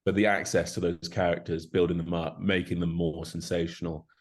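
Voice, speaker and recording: A man with a very deep voice talks as a podcast guest. He is enthusiastic and a little rambling, piling up fillers as he thinks aloud. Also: little pitch movement, a little fast, darkish tone. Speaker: guest, rugby prop forward. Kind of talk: casual podcast chat.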